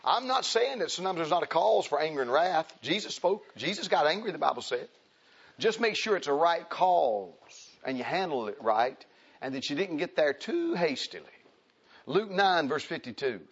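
A man's voice: moderate pace, husky. Folksy preacher man, lo-fi. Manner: folksy, animated, acts out quoted people in high voices. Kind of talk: sermon. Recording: dull lo-fi recording.

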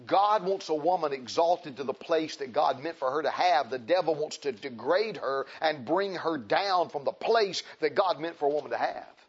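A man preaching a fiery sermon, emphatic and repetitive, swinging between shouts and hushed tones. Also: fairly high pitch, lively intonation, normal speed, hardly any pauses, breathy edge. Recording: dull lo-fi recording.

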